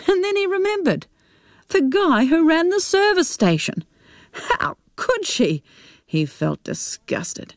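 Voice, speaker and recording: A woman reading a short story aloud as narrator, in a measured, steady way. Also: high-pitched, no room sound, studio quality.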